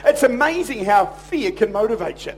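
A man preaching a sermon in church, telling stories in a jokey, animated way and acting out other people's voices. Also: high voice, normal speed, slight background noise. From Australia. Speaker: pastor.

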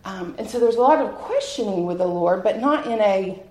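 A woman's voice: mid-range voice, animated, moderate pace, darkish tone. Earnest woman giving church testimony. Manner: earnest, heartfelt, laughs at herself. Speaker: guest speaker sharing testimony. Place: church hall with an audience. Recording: roomy hall echo.

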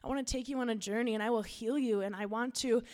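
A woman doing a gentle, calm male shepherd. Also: on the high side, fast, close to an everyday voice. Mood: reassuring.

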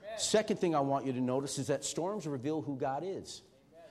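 A middle-aged man preaching a sermon as pastor, emphatic and swinging from shouting to hushed tones. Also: mid-range voice, lively intonation, a little fast.

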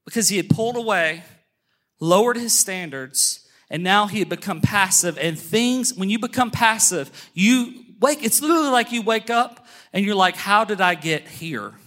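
A man preaching a sermon, emphatic, calling the congregation to look at him and say amen, slowing on key phrases and speeding through asides. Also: sits high, fairly bright tone. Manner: emphatic, calls for amens and attention; shifts between brisk asides and slow stressed phrases. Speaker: pastor.

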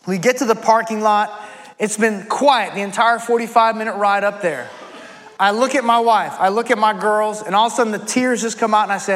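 A man preaching a sermon as pastor, telling a personal story earnestly and leading a soft prayer. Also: very high voice, a little fast, long reverb tail.

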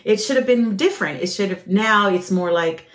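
A woman hosting a ministry podcast, telling a personal testimony with lively acted-out quotes and plenty of fillers. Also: medium pitch, moderate pace, reverberant. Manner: animated storyteller, acts out quoted voices, frequent fillers.

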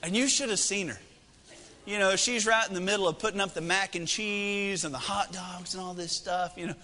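A man's voice: high voice, bright, forceful tone. A man in his thirties preaching a sermon, telling a family story in a folksy, joking, self-deprecating way. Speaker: pastor. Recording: echoey hall reverb.

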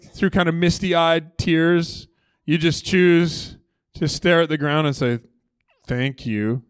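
A man preaching a sermon, conversational and animated, calling out for responses and dropping low and slow on key phrases. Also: dry recording, studio quality. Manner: conversational with frequent "like" and storytelling. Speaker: pastor. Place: church.

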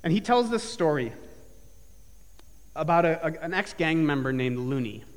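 Casting: a male pastor with a high voice, earnest storyteller, mic'd in a church with long reverb. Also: expressive, normal speed. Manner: earnest storytelling, building to emphatic repeated phrases. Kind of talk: sermon. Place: church sanctuary with live and online congregation.

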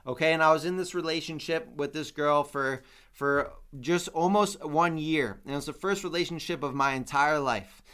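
A man's voice: fairly high pitch, pushed and bright, clear, resonant tone. A young man hosting a fitness podcast, telling a personal story in an earnest motivational monologue full of fillers and repeated phrases.

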